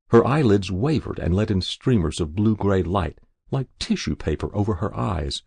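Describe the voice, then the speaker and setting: A man reads literary fiction in a measured, expressive way. His low voice is gravelly and a little husky, and it moves through a wide pitch range. The sound is dry and close, with no room echo. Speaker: narrator. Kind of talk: scripted literary narration.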